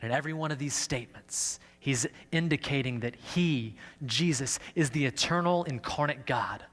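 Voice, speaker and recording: A man preaching an earnest sermon from a church sanctuary, his mid-pitched voice carried by a long, ringing reverb. He doubles back on words as he explains, preaching with steady conviction. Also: moderate pace. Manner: earnest, stumbles and repeats words while preaching. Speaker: pastor.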